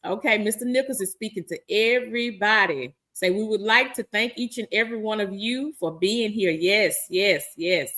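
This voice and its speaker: A woman co-hosts a live-streamed talk show, speaking at a medium pitch and normal speed with few pauses. She's lively and laughs often, reading viewer comments aloud and greeting people warmly.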